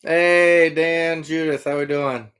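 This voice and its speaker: A man's voice: on the high side, fairly even intonation, slow pace, fairly bright tone, clear, resonant tone. Easygoing middle-aged man chatting on a livestream. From Iowa. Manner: easygoing, rambling, with frequent fillers. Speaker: livestream host, trapper and hunter. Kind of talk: casual livestream chat answering viewer comments.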